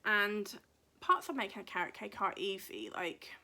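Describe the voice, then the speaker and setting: A woman hosting a craft podcast in casual chat, her voice bright and forward. She rambles and thinks aloud as she pages through a book, sometimes sinking to a near-whisper. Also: medium pitch, lively intonation, moderate pace.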